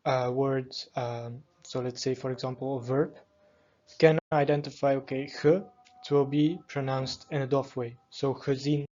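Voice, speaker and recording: Man explaining pronunciation, dull lo-fi sound. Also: medium pitch. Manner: calm, methodical explanation with frequent fillers. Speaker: language teacher. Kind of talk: explaining pronunciation in a lesson video.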